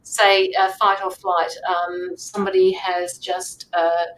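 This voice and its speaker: A woman's voice: fairly low pitch, level tone, slow, a bit bright, recorded from a distance, a little hiss or hum, rough recording. A woman reading tarot on a live stream, talking earnestly to viewers, repeating herself and checking in with "right?". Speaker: tarot reader and medium. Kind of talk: live-stream reading, casual coaching talk.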